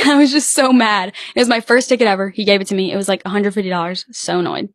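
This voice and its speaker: Young woman telling lively stories. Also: medium pitch, rapid-fire, few pauses, dry recording, clean studio sound. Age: young adult. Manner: animated storytelling, acts out quoted voices. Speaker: podcast co-host. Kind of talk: casual podcast chat.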